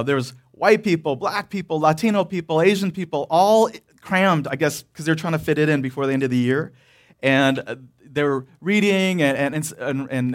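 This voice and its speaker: A male pastor delivers a sermon through a loose personal story, his voice sitting somewhat high. He rambles, restarts his sentences and breaks into laughter as he goes.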